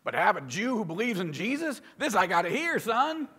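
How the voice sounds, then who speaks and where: A man's voice: sits high, very animated, a little fast, bright, forceful tone, breathy edge, exaggerated voice. A man imitating a brash, laid-back male rock radio host who keeps saying "dude". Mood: eager.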